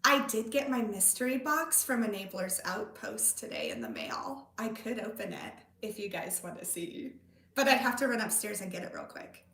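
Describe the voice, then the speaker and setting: Woman, livestream host, casual chat, gushing manner, bright tone, echoey room. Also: mid-range voice, big pitch swings, normal speed, gravelly, distant mic. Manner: bubbly, gushing, chatty with viewers. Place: home room. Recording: echoey room, away from the mic.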